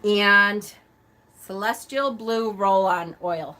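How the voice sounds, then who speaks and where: Bright, loud-talking woman host. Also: medium pitch, extremely slow. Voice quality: loud talker. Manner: gushing, laughs often. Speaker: live-stream host. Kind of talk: casual live-stream chat.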